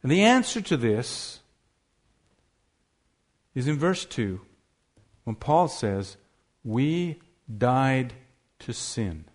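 A man's voice: mid-range voice, very animated, drawn-out words, long pauses. A man preaching a sermon, emphatic, asking rhetorical questions and stressing key words.

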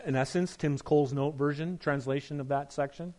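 Emphatic preacher man, raised pitch. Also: steady tone, a little fast. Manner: emphatic, rhetorical questions, drops to soft earnest tone. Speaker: pastor. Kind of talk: sermon.

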